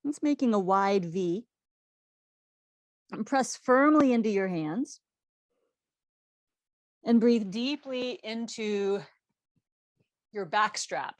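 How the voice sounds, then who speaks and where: A woman teaching a live online yoga class, giving calm, steady cues over a video call. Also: medium pitch, takes it slowly, pauses often, no echo. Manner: calm cueing with self-correcting laughs.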